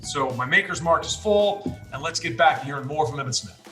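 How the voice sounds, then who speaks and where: A man's voice: on the high side, animated, a little fast, pushed and bright, soft background music, rough recording. A man hosting a podcast interview, upbeat and setting up questions for his guest. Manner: upbeat, scripted toasting intro. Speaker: podcast host.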